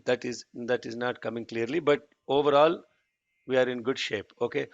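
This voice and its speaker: A man teaching a chanting class online, patiently correcting pronunciation and demonstrating lines slowly. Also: mid-range voice, gravelly, dry recording, dull audio.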